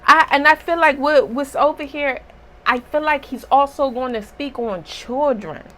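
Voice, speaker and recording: Spiritual reader, woman, slightly hoarse; slow, emphatic, preachy delivery with a bright edge. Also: high voice, slight background noise, low-quality recording. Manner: emphatic and preachy, with rhetorical asides. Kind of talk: casual spiritual reading.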